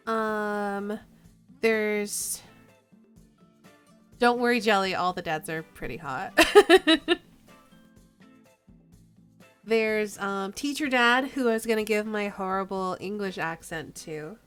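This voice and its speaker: A woman's voice: mid-range voice, takes it slowly, a bit bright, clean tone, faint music behind. A woman streaming a game, chatting playfully, giggling often and reading the story aloud. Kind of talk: let's play commentary and reading.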